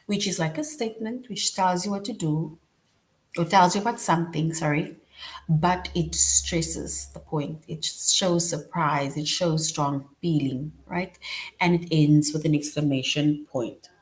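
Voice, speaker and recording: Lady teacher going over sentence types, kinda low voice, keeps asking right?. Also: measured pace. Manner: explains patiently, often checks with "right?". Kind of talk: online grammar lesson.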